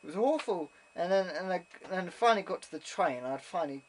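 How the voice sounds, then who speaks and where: A man's voice: sits high, expressive, fast talker, slight background noise. A young man telling a rambling, casual vlog story full of ums and restarts. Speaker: vlogger. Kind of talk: casual chat.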